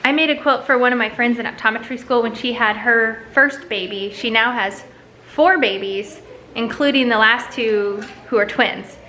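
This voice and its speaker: A woman's voice: fairly high pitch, normal speed, sharp tone, slight background noise, poor audio. A woman in her thirties hosting a casual family vlog, chatty and upbeat. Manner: chatty and upbeat, talks to her toddler and mother. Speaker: vlog host.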